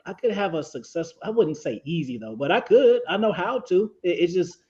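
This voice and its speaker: A man on a discussion panel rambles loosely and swears freely. His voice is a bit high for a man, and the recording sounds dull and lo-fi. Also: animated, fairly quick, darkish tone. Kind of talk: casual panel chat. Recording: dull lo-fi audio.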